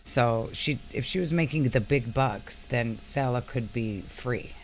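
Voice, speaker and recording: A woman's voice: a bass voice, measured pace, a little hiss or hum. A woman co-hosting a casual reaction chat, wry and teasing. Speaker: commentary co-host.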